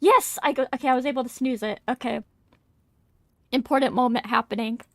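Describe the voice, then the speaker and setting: A woman's voice: high voice, a little fast. A woman streaming a game, gushing emotionally and reacting to every scene. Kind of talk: live gameplay reactions.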